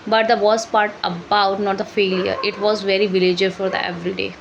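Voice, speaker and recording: A woman reading a story aloud for shadowing practice, halting and correcting herself as she goes. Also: mid-range voice, little pitch movement, gravelly, muffled recording, background noise. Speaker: English learning channel host.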